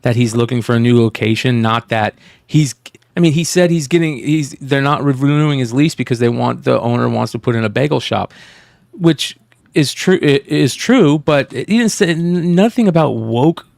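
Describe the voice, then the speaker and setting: A man's voice: medium pitch, moderate pace, creaky, darkish tone, no echo. A man hosting a podcast in casual chat, blunt and profane, exasperated, speaking into a close mic. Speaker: podcast host.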